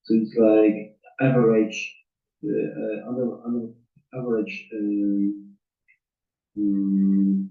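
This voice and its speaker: Slow guy learning english, tinny echoey call audio. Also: fairly low pitch, level tone, creaky. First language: Polish. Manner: searching for words, halting. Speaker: student. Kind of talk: conversation lesson. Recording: echoey, phone-like line.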